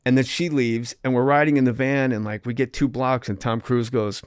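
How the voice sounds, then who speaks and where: A man's voice: medium pitch, clean tone, no room sound. Brash joking man hosting a podcast. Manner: storytelling, brash joking, does quick impressions. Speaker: podcast host. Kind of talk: casual comedic chat.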